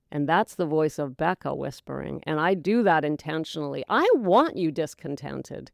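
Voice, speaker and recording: A middle-aged woman hosting a sobriety podcast, giving an emphatic motivational talk that calls listeners "gals" and "my dear" and slips into hushed whispers. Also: low-pitched, lively intonation, moderate pace, vocal fry, few pauses, no echo, clean studio sound. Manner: dramatic voices and hushed whispers for effect. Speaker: podcast host, sobriety coach. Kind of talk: motivational monologue.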